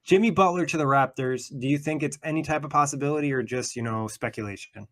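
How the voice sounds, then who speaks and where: Male podcast host, relaxed and chatty, laughs a lot. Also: fairly high pitch, fast. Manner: easygoing, laughs often while asking questions. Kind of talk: casual podcast chat.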